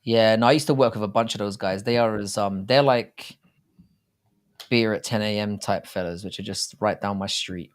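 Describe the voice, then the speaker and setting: A British man co-hosting a live fight-talk stream, chatting casually in an animated, jokey and rambling way with plenty of swearing. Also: on the low side, moderate pace. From Britain. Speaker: co-host of a live fight show.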